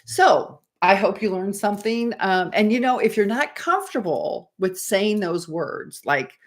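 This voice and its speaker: A woman's voice: mid-range voice, expressive, unhurried, few pauses. A woman in her fifties, a dating coach telling a personal story as advice in a chatty, rambling way. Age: 50s. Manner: chatty, rambling, acts out quoted dialogue.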